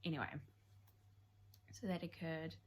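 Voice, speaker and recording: A young woman in her twenties talks through a book in a relaxed vlog, her voice sitting a little low. She rambles from one thought to the next with self-deprecating asides. A faint hiss sits under her voice. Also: a little slow. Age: 20s. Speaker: book vlogger. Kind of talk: casual reading vlog chat.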